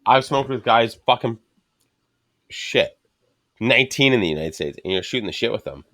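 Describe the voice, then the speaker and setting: A man tells rambling stories full of swearing. His voice sits in a middling pitch. The sound is close and dry, with no room echo. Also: lively intonation, normal speed, a bit bright. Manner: loose, profane, rambling storytelling. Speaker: podcast guest. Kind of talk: casual storytelling chat.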